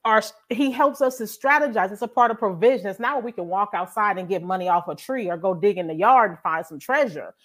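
Animated woman podcast host sharing testimony. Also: mid-range voice, brisk, few pauses. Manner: animated storyteller who acts out her own prayers. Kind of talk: casual faith testimony.

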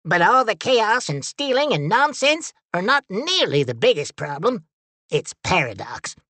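A man's voice: sing-song, measured pace, sharp tone, no echo, full character voice. A man voicing Buford, a fussy, indignant male robot Time Ranger, in a storybook reading. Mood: alarmed. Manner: shrill, indignant, scolding. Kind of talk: storybook character voice.

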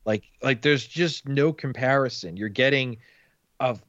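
A man's voice: mid-range voice, unhurried, fairly bright tone, no room sound. A blunt, profane man talking sports on a casual podcast, exasperated. His audio is dull and lo-fi, with a dry, close sound. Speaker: podcast co-host. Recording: dull lo-fi recording.

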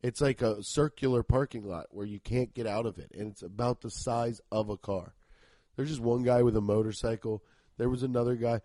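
A man in his thirties from Cincinnati, hosting a podcast, rambling profanely and excitably in a casual comedic monologue while congested and sniffly from allergies. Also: mid-range voice, fairly quick, no room sound. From Cincinnati, Ohio. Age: 30s. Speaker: podcast host.

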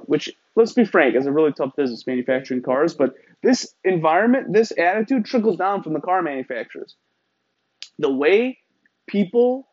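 A man from Iran telling a story in a wry, emphatic way, often adding rhetorical tags. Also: a little high. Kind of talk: casual storytelling. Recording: slightly dull, lo-fi sound.

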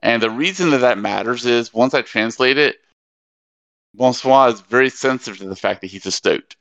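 A man's voice: mid-range voice, moderate pace, fairly bright tone, no room sound. A man co-hosting a book podcast, chatting casually with some hesitant fillers and reading quotes aloud. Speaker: podcast co-host. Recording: dull lo-fi mic.

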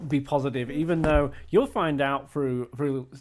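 Low-voiced woman hosting a chatty podcast. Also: normal speed, a little mellow, a little hiss or hum. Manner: rambling, restarts, laughs often. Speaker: podcast co-host. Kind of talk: casual family podcast chat.

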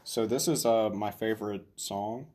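A man's voice: on the low side, normal speed, a little mellow. A man hosting a casual video, joking and rambling with a friend. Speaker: video host. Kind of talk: casual chat.

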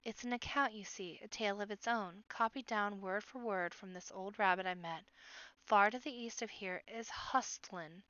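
A woman reading as a jolly old rabbit bard, a greedy storyteller full of folksy exclamations from a storybook. The voice is smooth and clear, close and dry, with a slightly muffled sound. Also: medium pitch, normal speed, fairly bright tone, no echo, lightly acted.

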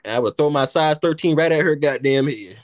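Animated, laughing man telling stories. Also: on the high side, moderate pace, no room sound. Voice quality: animated, laughs often, swears freely. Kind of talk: casual storytelling chat.

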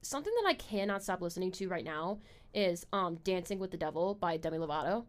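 Her voice on the low side and her intonation lively, a young woman talks fast while hosting a laid-back podcast conversation. It's a rambling, filler-heavy chat packed with "like"s and plenty of swearing.

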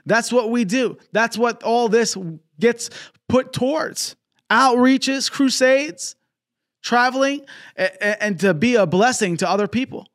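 A man with a notably high voice preaches in a fervent, story-driven way, quoting conversations and breaking in with praise. He moves into an appeal for giving to his traveling ministry over a broadcast. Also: measured pace, fairly bright tone. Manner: fervent, peppered with exclamations of praise; storytelling with quoted dialogue.

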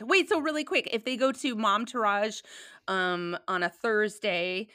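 A woman hosting a podcast in casual chat, playful and quick to laugh, recorded remotely from home. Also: medium pitch, pushed and bright, dry recording, studio quality. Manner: laughs often, chatty and playful. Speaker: podcast host.

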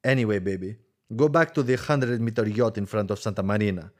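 A man's voice: on the low side, fairly quick, lightly acted. A man putting on a cocky Greek island playboy. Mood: boastful. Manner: boastful, crude, broken English. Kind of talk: comic character monologue.

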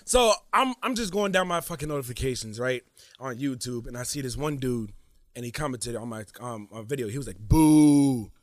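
A man co-hosting a casual podcast chat, telling animated stories, swearing freely and laughing often. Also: mid-range voice, normal speed, no echo. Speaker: podcast co-host and impressionist.

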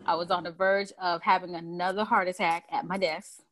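Low-voiced woman podcast host. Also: little pitch movement, fairly bright tone. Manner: measured, encouraging, uses frequent fillers. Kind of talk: casual interview conversation.

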